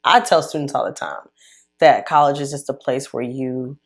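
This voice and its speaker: A woman hosts an interview show in casual conversation. Her voice sits very low for a woman. She keeps her guest going with steady, supportive affirmations. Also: moderate pace. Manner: supportive, many short affirmations. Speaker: host. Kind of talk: interview chat.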